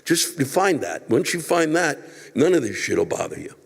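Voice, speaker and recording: Older male comic, exasperated profane rant, gravelly voice, long reverb. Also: mid-range voice, big pitch swings, normal speed. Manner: ranting, profane, exasperated outbursts. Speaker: comedian. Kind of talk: stand-up rant answering a viewer letter.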